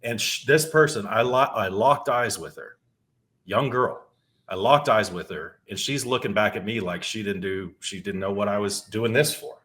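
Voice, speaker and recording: A middle-aged man with a fairly low voice tells a story in a casual, meandering way on a podcast. He swears freely and often trips over and restarts his words. The delivery is relaxed, like he is talking from home. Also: moderate pace. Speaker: podcast co-host.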